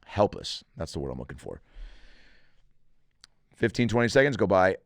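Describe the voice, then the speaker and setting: A man's voice: low-pitched, very animated, normal speed, dry recording, clean studio sound. A middle-aged man, a comedian hosting a podcast, telling a story in casual, profane fashion and acting out the quotes.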